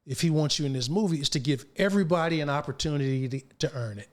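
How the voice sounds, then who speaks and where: Older man telling animated, slangy stories. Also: on the high side, quick pace. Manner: animated, acts out quoted dialogue, slangy. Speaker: actor guest. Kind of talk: casual interview storytelling.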